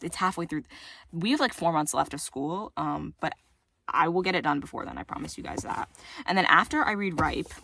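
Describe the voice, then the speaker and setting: Talking books with her viewers, a teenage girl rambles on, putting herself down and leaning on fillers while her voice cracks. She sounds low-pitched, lively and a little fast, with vocal fry and a pushed, bright quality, plus a little hiss or hum.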